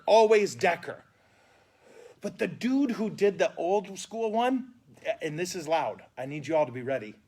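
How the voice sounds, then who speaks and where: A priest telling stories in a casual, comic way, with a voice that sits a little high and jumps around a great deal. He moves between mock outrage and easy chat, speaking indoors for a live stream. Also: darkish tone, breathy edge. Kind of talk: casual storytelling catechesis.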